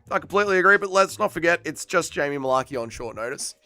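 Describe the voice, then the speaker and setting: A man hosts a live fight watch-along stream, reacting loudly and chatting with viewers. His voice is bright and clear, on the higher side, and swings in pitch. The sound is dry and close, with faint music under it. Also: fast talker, hardly any pauses, no echo. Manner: excitable, banters with chat, swears freely. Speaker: livestream host.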